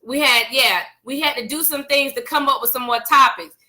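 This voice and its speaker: A woman's voice: high-pitched, fairly quick, pushed and bright. A woman co-hosting a church live-stream show, chatting casually and teasingly greeting viewers by name.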